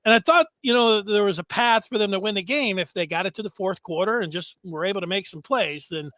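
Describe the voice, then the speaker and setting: A man's voice: high voice, fairly quick, a bit bright, dry recording, studio quality. A man hosting a sports interview, asking chatty, easygoing questions. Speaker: sports show host. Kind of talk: casual interview chat.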